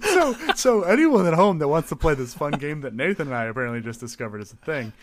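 A man's voice: on the high side, lively intonation, fast talker, a crowd in the background. A man co-hosting a casual podcast, talking in loose, rambling sentences and laughing often. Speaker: podcast co-host. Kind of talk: casual chat.

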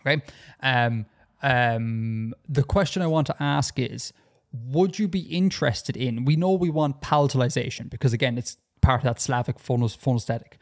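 A man talking casually on a podcast, chatty and loose. He stumbles and restarts his sentences often and fills the gaps with ums. His pitch is in a middle range. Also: normal speed. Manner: chatty, hesitant with many restarts and fillers. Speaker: podcast co-host.

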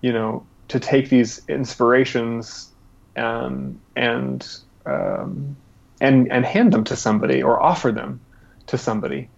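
Male interview guest, gravelly, halting storyteller, slightly muffled audio. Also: mid-range voice, sing-song. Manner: halting, many fillers and restarts. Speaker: guest artist.

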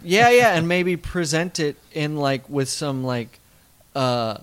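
A man's voice: fairly high pitch, lively intonation, slow pace, smooth. A man co-hosting a casual podcast, rambling and trailing off, with a cold. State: has a cold. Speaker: podcast co-host.

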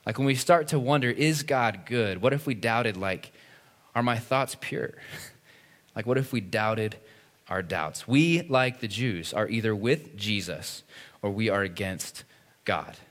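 A man's voice: on the low side, lively intonation, measured pace. Guy preaching a sermon, casual and chatty, keeps saying right and like. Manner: conversational, frequent "right?" and "like", acts out quoted voices. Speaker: pastor.

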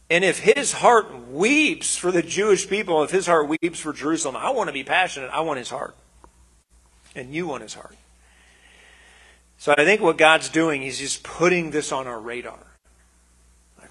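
A man delivers a conversational sermon with earnest feeling, often restarting and adding asides. His voice sits a little high and has a husky grain. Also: expressive, normal speed, fairly bright tone. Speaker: preacher.

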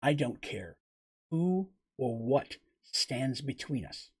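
A man's voice: mid-range voice, expressive, moderate pace, slightly rough. A man voicing an intense young warrior who talks bluntly and protectively. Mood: menacing. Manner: blunt and forceful.

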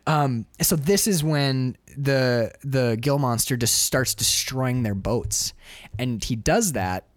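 A man's voice: mid-range voice, takes it slowly, dry recording, studio quality. A man co-hosting a casual film talk, retelling scenes with lots of voices. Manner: animated, acts out characters in quotes. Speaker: podcast co-host.

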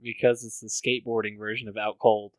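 A man's voice: lowish voice, level tone, brisk, no echo. A man co-hosting a casual movie chat while drinking beer, profane and rambling with fillers, often laughing. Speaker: podcast co-host.

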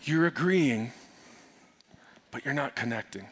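A middle-aged man preaching a sermon, moving from soft, confiding talk to loud, urgent preaching. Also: mid-range voice, lively intonation, unhurried, slightly rough. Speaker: pastor.

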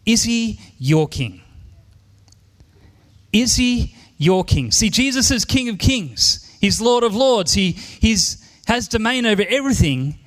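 A man's voice: sits high, big pitch swings, takes it slowly, fairly bright tone, in a large hall. An Australian man in his forties preaching a sermon in church, earnest and emphatic, repeating his key lines. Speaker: pastor.

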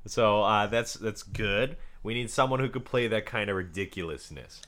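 Easygoing podcast co-host: a man with a low but bright, forward voice who talks loosely and laughs often. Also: normal speed. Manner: easygoing, laughs along, pitches ideas. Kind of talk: casual podcast discussion.

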